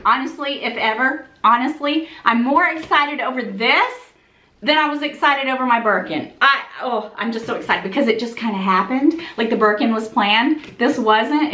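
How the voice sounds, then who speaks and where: A woman's voice: fairly high pitch, sharp tone, roomy sound. A woman vlogger unboxing a gift, breathless and gushing, laughing and sighing between thrilled remarks. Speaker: fashion vlogger. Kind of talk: excited unboxing vlog.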